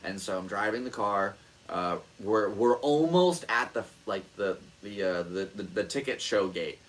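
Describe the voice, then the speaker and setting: Over poor audio, a podcast host with a lowish voice tells a story at an unhurried pace. He chats casually and animatedly, swearing freely and doing the voices of the people he quotes.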